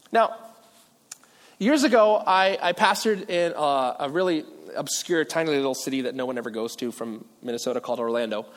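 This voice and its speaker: A man from Virginia preaching a sermon as pastor, animated and self-deprecating, with asides and restarts. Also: a little high, fairly quick. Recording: long hall reverb.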